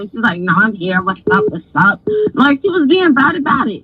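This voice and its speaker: A woman host telling a story in a casual, animated, profane way, acting out other people's lines. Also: sits high, fairly quick, slight background noise. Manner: animated, profane, acts out quoted voices. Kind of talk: casual storytelling on a live stream. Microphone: phone. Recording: dry, husky, phone-like sound.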